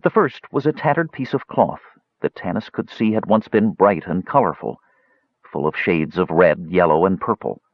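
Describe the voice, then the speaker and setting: A man narrates an audiobook in a measured storytelling manner. His low voice is gravelly and husky with wide pitch swings. The recording is dry, close and dull. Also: lively intonation, no echo.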